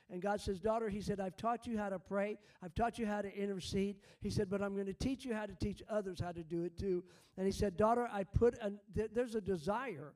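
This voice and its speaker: Fervent prophetic minister, man, high voice, mellow tone, heard from a distance off the mic. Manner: fervent, repeats words, quotes God as speaking. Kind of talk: prophetic ministry over congregants.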